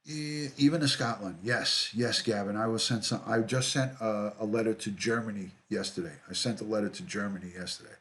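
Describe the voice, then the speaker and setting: This middle-aged livestream host, a retired detective, talks fairly quickly with hardly any pauses in a fairly low, slightly bright voice. He reads viewer comments aloud, greets people by name and often says things twice.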